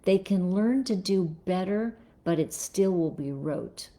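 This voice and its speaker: A woman's voice: on the low side, animated, measured pace, mellow. A middle-aged woman psychologist answering viewer questions on a live stream, thoughtful, with many fillers and restarts. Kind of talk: live-stream advice talk, reading viewer comments.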